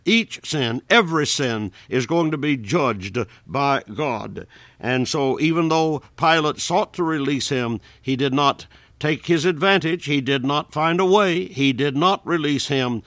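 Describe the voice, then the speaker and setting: A man's voice: medium pitch, fairly bright tone, no room sound. A man preaching a Bible exposition sermon, speaking earnestly and straight to his listeners, reading King James verses between his own comments.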